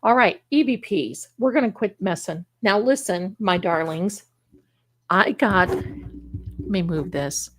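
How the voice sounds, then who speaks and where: A woman with a medium-pitched voice speaks at a measured pace, hosting a psychic livestream. She chats casually and rambles, addressing her viewers as "my darlings."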